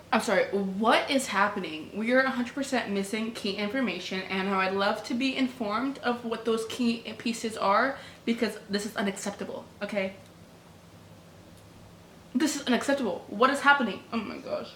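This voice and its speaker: A young woman vlogging her reading, emotional and exclaiming, swinging from hushed to loud reactions. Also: mid-range voice, normal speed. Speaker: book vlogger. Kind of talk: reading vlog chatter. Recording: roomy echo, faint room noise.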